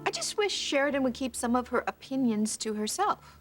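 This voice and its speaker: An actress playing a spiteful scheming woman who talks with sharp scorn. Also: high-pitched, sing-song, fairly quick, over music. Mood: scornful.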